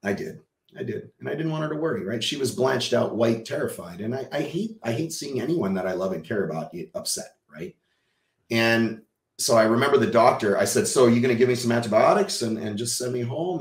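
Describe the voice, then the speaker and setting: A man from Texas, a podcast guest, telling a personal story in an animated way, casually swearing and acting out what people said. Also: mid-range voice, brisk, echoey room.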